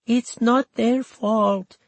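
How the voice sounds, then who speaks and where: A man's voice: extremely high pitch, fairly even intonation, drawn-out words, no room sound, pitched above the performer's own voice, heavily acted. A man voicing a frail, pious old grandmother with a quavering voice in an audiobook. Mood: preaching gently.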